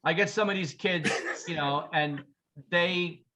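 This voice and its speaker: A male music teacher co-hosting a podcast recounts funny stories casually and animatedly, laughing frequently, swearing, and acting out quoted voices. He has a high voice and speaks without hurry.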